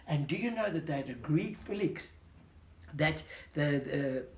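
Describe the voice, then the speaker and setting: Brief: a storyteller man retelling a Bible tale for kids, animated, asks questions, roomy sound. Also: a little high, unhurried. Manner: animated, questioning, talks to a listener. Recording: roomy echo.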